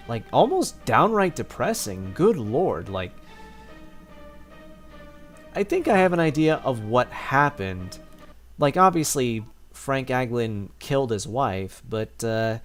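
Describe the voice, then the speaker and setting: This is a man at a middle pitch giving casual livestream commentary over a game. His voice rises and falls in a lively way as he thinks aloud, backtracking mid-sentence. Faint music sits underneath. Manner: chatty, rambling, thinks aloud with many restarts. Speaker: game streamer.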